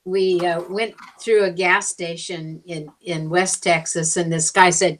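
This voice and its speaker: Older woman panelist, low voice, hesitant then wry, casual chat. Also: steady tone, measured pace, hardly any pauses, rough recording. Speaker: podcast panelist.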